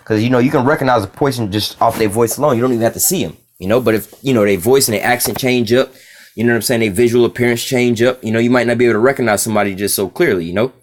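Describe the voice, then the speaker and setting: A man's voice: mid-range voice, rapid-fire. A man teaching from the Bible in a loose, casual way, often saying "you know" and "all right".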